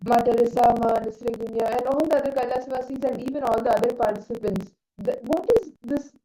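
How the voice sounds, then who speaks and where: A woman with a mellow, fairly high voice leads a spiritual session. She sounds distant and roomy, with faint noise behind her, as she earnestly calls on participants to share. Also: fairly even intonation, fairly quick. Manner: earnest, invites participants by name.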